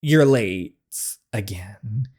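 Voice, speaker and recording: A streamer voicing a gruff older bakery owner who scolds his late worker, with curt, clipped lines. Read lightly from a story game. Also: mid-range voice, expressive, extremely slow, dark tone, voice pushed down, heavily acted.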